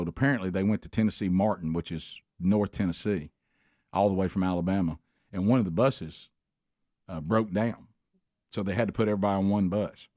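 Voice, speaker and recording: A middle-aged man, a radio talk show host telling a long story and acting out the people he quotes with sudden high shouts. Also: no room sound, clean studio sound. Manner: rambling storyteller who acts out quotes with big high shouts.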